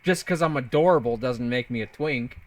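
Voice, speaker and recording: A man's voice: mid-range voice, fairly quick. A young man streaming a game, bantering playfully with his chat and laughing often. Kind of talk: casual live-stream chat while gaming.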